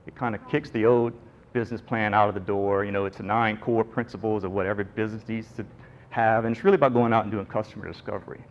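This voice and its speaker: A man's voice: lowish voice, quick pace, highs cut off, slight background noise. A middle-aged man, a nurse entrepreneur giving a conference talk and telling his story with jokes and acted-out voices. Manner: animated storyteller, jokey, acts out quoted people.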